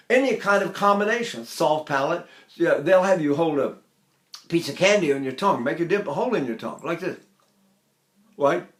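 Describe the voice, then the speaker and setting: An older man gives a vocal technique lesson, and his speaking voice sits high for a man. He is animated and demonstrative, often jumping into sung or exaggerated spoken examples as he explains. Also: normal speed, pauses often. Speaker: voice teacher.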